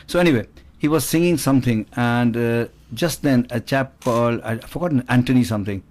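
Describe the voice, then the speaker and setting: A man in his late sixties talks quickly and at length, drifting from one story to the next as a guest on a radio chat show. His voice sits at an ordinary middle pitch, and he keeps the talk rolling. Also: darkish tone. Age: 60s. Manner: expansive, digressive storyteller who demonstrates with his voice. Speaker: guest musician.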